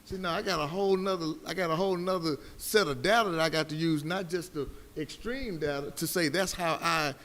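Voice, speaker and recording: A man's voice: fairly high pitch, brisk, hardly any pauses, a bit bright, long reverb tail. A man on a live debate panel, telling a personal story with fervor and calling his listeners brother like a preacher.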